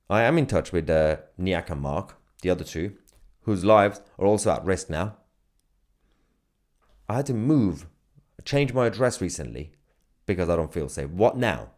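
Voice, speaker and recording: A man's voice: fairly low pitch, darkish tone. A male independent journalist making an indignant, insistent statement and listing his demands. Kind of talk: impassioned statement to camera.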